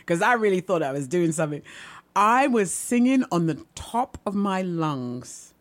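A middle-aged woman doing stand-up, telling stories in a chatty, animated way and often asking the audience "right?". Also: lowish voice, normal speed. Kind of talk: stand-up storytelling.

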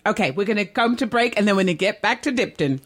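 A woman's voice: medium pitch, expressive, fast talker. Female talk-radio host, encouraging interviewer, mid-range voice. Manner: encouraging, asks questions.

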